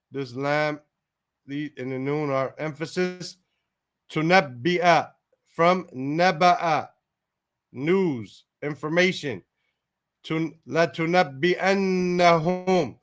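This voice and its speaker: A man's voice: on the high side, slow pace, pauses often, fairly bright tone. A man teaching a word-by-word Quran translation lesson, repeating each Arabic word and glossing it in English, with tentative asides as he thinks aloud.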